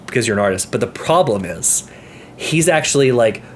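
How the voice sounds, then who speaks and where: A man co-hosting a podcast, telling a story in an animated way and acting out what people said. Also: medium pitch, a little fast, slight background noise. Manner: animated storyteller, acts out quotes. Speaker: podcast co-host. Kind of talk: casual chat, storytelling.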